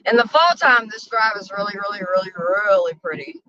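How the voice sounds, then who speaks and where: A woman's voice: mid-range voice, lively intonation, brisk, sharp tone, muffled recording. A woman vlogging in casual chat while driving an RV, blunt and profane. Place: inside a small RV on the road.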